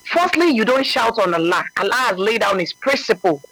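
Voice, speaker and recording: A man's voice: high voice, big pitch swings, a little fast, creaky, bright, forceful tone, dry recording, poor audio. A man giving a conversational religious talk, earnest and emphatic, often checking that the listener understands. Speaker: religious speaker.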